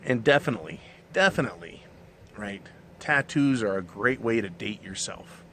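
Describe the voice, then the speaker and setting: A man's voice: lowish voice, lively intonation, normal speed, sharp tone, slight background noise. A man hosting his own show, delivering a blunt, profane, mocking monologue. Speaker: show host. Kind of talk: ranting monologue.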